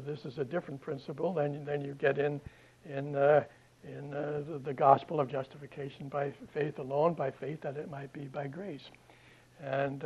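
A man giving a classroom Bible lecture, halting often with fillers and restarts. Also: fairly high pitch. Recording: dull lo-fi lecture recording.

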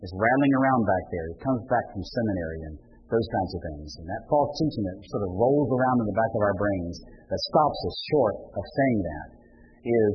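A male pastor preaching a sermon, impassioned and rising in pitch and volume when he quotes pleading words. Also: expressive, fairly quick, breathy edge, highs cut off, faint music behind.

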